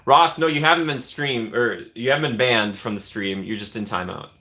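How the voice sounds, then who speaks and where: A man's voice: mid-range voice, normal speed, pushed and bright. A man hosting a casual live stream, chatting upbeat and answering viewers by name as he reads the comments. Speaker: streamer host.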